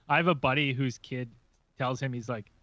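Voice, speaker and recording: A male co-host of a call-in show, animated and laughing through his stories. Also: medium pitch, no echo, dull audio. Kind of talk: casual radio show chat.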